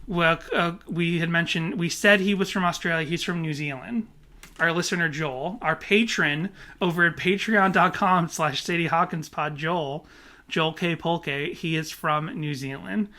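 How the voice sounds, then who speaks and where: A man's voice: a little high, unhurried, sharp tone. A man co-hosting a casual podcast, playful and chuckling between phrases. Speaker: podcast co-host.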